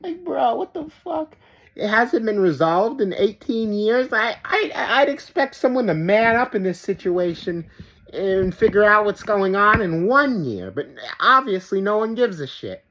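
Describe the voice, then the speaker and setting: A man's voice: high-pitched, unhurried, poor audio. A man hosting a reaction video who rants in a rambling, profane, exasperated way, full of "like". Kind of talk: ranting reaction commentary. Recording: steady background noise.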